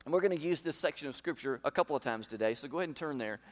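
Male pastor, slightly high voice, preaching emphatically in a reverberant church sanctuary. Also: lively intonation, rapid-fire. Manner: emphatic, rhetorical questions to the congregation. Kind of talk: sermon. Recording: long hall reverb.

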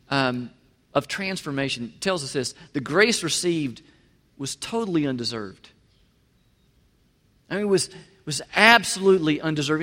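A man's voice: sits high, a bit bright. A man preaching a sermon as pastor, talking in a conversational way, repeating words and acting out quotes. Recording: reverberant hall.

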